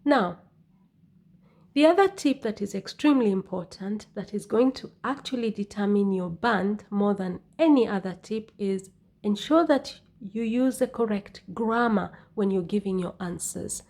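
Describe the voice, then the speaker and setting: A woman teaching an English exam lesson, speaking deliberately and often checking in with "okay?". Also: medium pitch, a little mellow. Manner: slow, deliberate, repeats "okay?". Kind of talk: scripted lesson narration.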